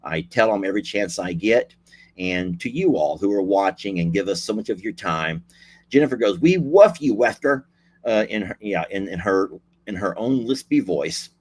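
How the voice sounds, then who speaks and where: A man's voice: low voice, normal speed. A man hosting a casual video, chatting playfully and repeating himself as he signs off. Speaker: host.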